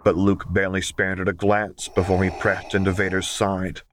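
A man narrating a fan fiction audiobook in a steady, measured storytelling manner. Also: sits low, a little hiss or hum. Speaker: audiobook reader.

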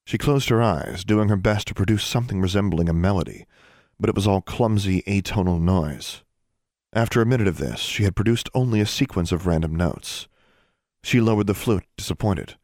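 A man narrates an audiobook in a steady, measured way, his voice sitting very low. The recording is dry and close, with no room sound. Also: dry recording.

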